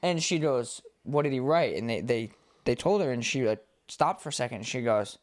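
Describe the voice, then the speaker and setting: A man's voice: mid-range voice, normal speed. A young man co-hosting a podcast, telling rambling stories in casual chat and swearing freely. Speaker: podcast co-host.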